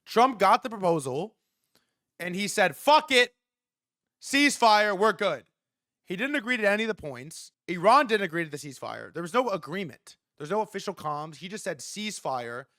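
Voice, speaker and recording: A man's voice: high voice, no echo, studio quality. A young man hosting a livestream, ranting casually and profanely while acting out what others said. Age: young adult. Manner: animated, profane, acts out quoted figures. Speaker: livestream host. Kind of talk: casual commentary rant.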